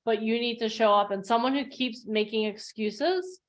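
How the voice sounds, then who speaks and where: A woman's voice: on the high side, normal speed. A woman coaching an online workshop over a video call, giving a motivational talk and acting out the voices in her stories. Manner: animated storyteller who acts out the voices in her stories.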